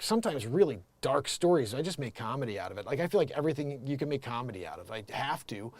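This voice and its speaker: A man hosting a loose, improvised comedy news livestream. His voice sits a little high for a man and sounds dry and close to the mic. He rambles and riffs, with casual swearing. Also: dry recording. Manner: rambling, riffing, loose and profane. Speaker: comedy news show host.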